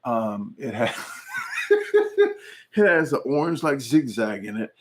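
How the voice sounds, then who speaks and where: A man hosts a casual livestream on his channel, rambling through viewer comments, cracking jokes and laughing often. His medium-pitched voice is unhurried and a bit bright, and a faint hiss or hum can be heard.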